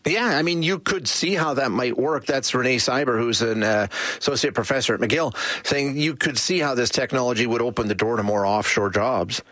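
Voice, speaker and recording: A man's voice: mid-range voice, a little fast, few pauses, fairly bright tone, no echo. A man hosting a talk radio show, chatting casually with frequent restarts and fillers.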